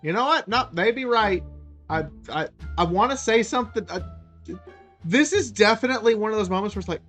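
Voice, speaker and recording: A woman streamer reacting to memes in a loose, excitable way, swearing and riffing freely. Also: mid-range voice, a little fast, soft background music. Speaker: VTuber streamer. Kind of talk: meme reaction commentary.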